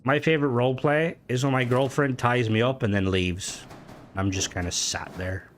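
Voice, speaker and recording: A young man with an Irish accent streaming a game, chatting casually and reading comments aloud, joking and swearing, his voice jumping high when he gets worked up. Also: fairly even intonation, normal speed, slight background noise.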